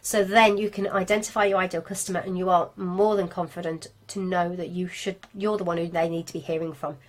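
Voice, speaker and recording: A woman's voice: lowish voice, fairly quick. Chatty Brummie woman teaching a live class. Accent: Birmingham English (Brummie). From England. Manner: chatty, lively and self-deprecating, talking to viewers. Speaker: craft business marketing teacher. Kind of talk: live-streamed video class. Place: home studio with lights, indoors.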